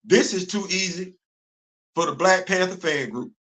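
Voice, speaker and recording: A high-voiced man rants animatedly while hosting casual livestream commentary at normal speed. He repeats himself, laughs often, and uses heavy slang.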